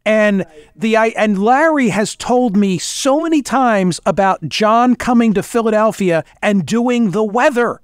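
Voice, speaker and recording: A man's voice: high voice, clean tone, no echo, studio quality. Enthusiastic middle-aged male host. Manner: enthusiastic, quick asides. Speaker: show host. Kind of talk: interview.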